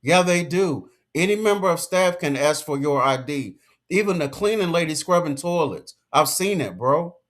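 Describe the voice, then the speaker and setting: A man's voice: fairly high pitch, animated, normal speed, fairly bright tone. A man giving a casual commentary rant, emphatic and lecturing, full of slang and repeated points. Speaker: commentary vlogger.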